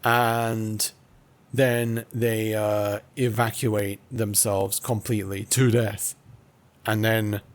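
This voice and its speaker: Male podcast host, low-pitched, rambly and stammering, easygoing comedic banter over a call. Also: level tone, takes it slowly. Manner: rambling, stammers with repeated words. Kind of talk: casual comedic chat.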